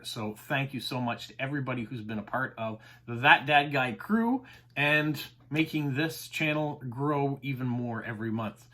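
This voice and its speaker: A man with a medium-pitched voice and a bright, forceful tone talks at normal speed. He runs a stamp collecting channel, explaining terms to camera in an eager, chatty manner full of "uh"s.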